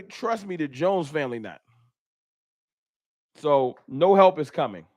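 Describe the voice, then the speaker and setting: This fan channel host has a fairly high-pitched voice, captured with no room sound. He's hosting a laid-back fan livestream, going through super chats and letting off frustration with occasional outbursts of laughter.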